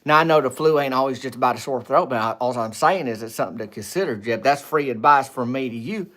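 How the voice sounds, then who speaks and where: A man hosting a casual livestream, rambling and joking with viewers, swinging between loud greetings and low asides. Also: quick pace. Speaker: livestream host. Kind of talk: casual live chat with viewers.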